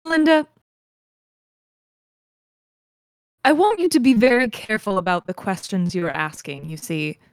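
A woman plays a haughty woman who runs a girls' school in a tabletop game, and she talks down to her staff. Every line is slow and measured and full of polite condescension. The sound is dry and close. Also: on the high side, a little mellow, no echo. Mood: condescending.

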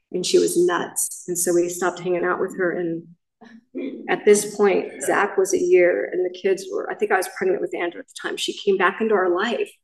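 A woman's voice: on the low side, vocal fry, distant mic. Middle-aged woman, main speaker at a recovery meeting; candid, rambling share with restarts; picked up from afar in a reverberant room. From Southern California. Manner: candid, rambling storytelling with self-corrections.

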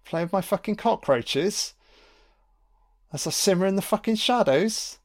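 A man's voice: high-pitched, animated, unhurried, voice pushed up. A menacing, mocking male tenant, as a man puts him on, taunting in a lilting, profane drawl. The voice sits well above the speaker's normal register. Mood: leering taunt. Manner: taunting, sing-song, sweary.

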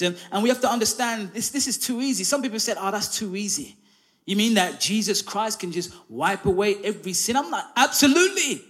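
Man, preacher, high voice, sermon, storytelling, says "come on now". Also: a bit bright. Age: adult, married. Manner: storytelling with humor, frequent "come on now" and "amen".

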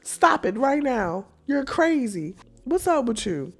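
A woman's voice: high-pitched, big pitch swings, takes it slowly. A young woman hosting a podcast, ranting with lots of cursing and laughter and mocking the people she talks about. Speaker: podcast host. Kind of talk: casual podcast rant.

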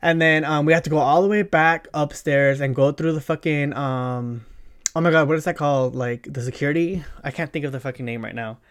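A man's voice: fairly high pitch, fairly quick. A young man hosting his own podcast, telling an embarrassing story in a rambling, profane way, full of fillers and slang. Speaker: podcast host. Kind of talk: casual storytelling monologue.

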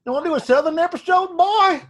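A man's voice: very high-pitched, quick pace, voice pushed up. A man putting on a rowdy old hillbilly.

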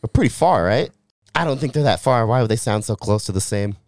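A man's voice: lowish voice, lively intonation, fairly quick, darkish tone, no echo, studio quality. A man co-hosting a casual podcast, joking crudely and trying out mock accents. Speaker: podcast co-host. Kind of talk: casual banter.

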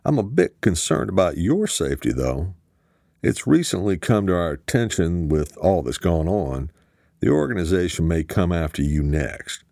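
A man voicing a stern, guarded male colonel who speaks in a calm, measured way in an audiobook. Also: sits low, creaky, no echo, clean studio sound, exaggerated voice.

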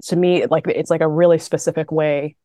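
A woman with a very low voice talks casually about a poem, thinking aloud with lots of "like" and "um." She sounds close and dry on the mic. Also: steady tone, a little fast, dark tone, dry recording. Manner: chatty, thinks aloud with many fillers. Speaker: podcast co-host. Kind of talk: casual chat about poetry.

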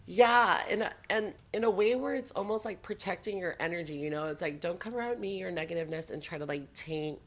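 A woman chatting casually as a podcast guest, telling animated, dramatic stories with sassy asides. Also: fairly low pitch, brisk, hardly any pauses. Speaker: guest storyteller. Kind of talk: casual chat.

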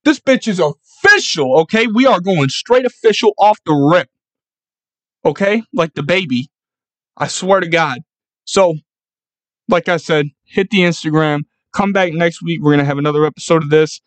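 A man's voice: fairly high pitch, normal speed, no room sound. A young man hosting his own podcast, ranting casually with lots of swearing and rowdy hype. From New York. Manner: profane, rowdy, hyped-up ranting. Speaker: podcast host. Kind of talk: casual solo podcast monologue.

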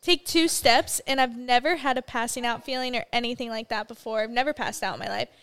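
A young woman co-hosting a podcast, talking in a relaxed, casual way, laughing easily and swearing now and then. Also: fairly high pitch, a little fast, smooth. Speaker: podcast co-host. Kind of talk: casual storytelling chat.

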